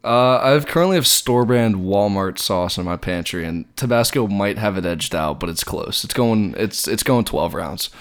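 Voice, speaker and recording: A man's voice: fairly low pitch, lively intonation, moderate pace, hardly any pauses, clear, resonant tone. A man co-hosting a podcast, chatting casually in a rambling, hesitant, wry way. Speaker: podcast co-host.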